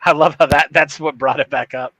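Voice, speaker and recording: A man's voice: fairly high pitch, fairly even intonation, a little fast, bright, forceful tone, dry recording, rough recording. A man in his forties, co-hosting a podcast, chatting casually and profanely, laughing often and slipping into accent impressions. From Upper Peninsula of Michigan. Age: 40s. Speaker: podcast co-host. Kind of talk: casual comedic banter.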